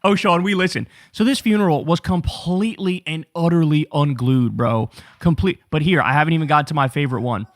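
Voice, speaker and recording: A man's voice: a little high, brisk, few pauses, no echo, studio quality. A man hosting political commentary in a casual, profane, mocking rant. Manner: mocking, animated, swears a lot, says bro.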